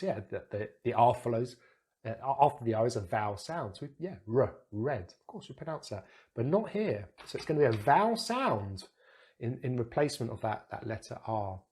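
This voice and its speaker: A man's voice: medium pitch, darkish tone. A man with a British accent teaching pronunciation, patiently sounding out vowels and words one by one. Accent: British English. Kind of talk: explaining pronunciation to camera.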